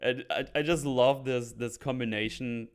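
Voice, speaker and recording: A man hosting a casual film review chat, laughing often and acting out characters in quick voices. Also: medium pitch, steady tone, clear, resonant tone. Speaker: podcast host.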